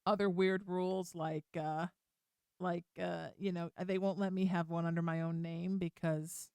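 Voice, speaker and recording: A middle-aged woman of Irish heritage hosts a call-in radio show from a studio, chatty and playful, mocking herself and reassuring callers warmly. Her voice is lowish, clear and resonant, with flat delivery at normal speed, recorded studio-quality with no echo.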